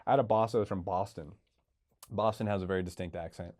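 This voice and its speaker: A man's voice: low voice, fairly even intonation, quick pace, a little mellow. A man from California hosting a podcast in a rambling, casual way that leans heavily on "like". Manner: rambling, heavy use of 'like'. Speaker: podcast host. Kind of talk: casual chat.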